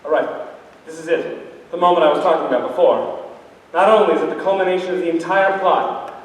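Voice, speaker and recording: A teenage boy in a high school stage musical, playing a lonely, rambling fan of old musicals who confides in the audience. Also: steady tone, fairly quick, natural voice. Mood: hushed. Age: teens. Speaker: narrator character. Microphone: distant room mic. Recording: echoey hall from far off, faint noise.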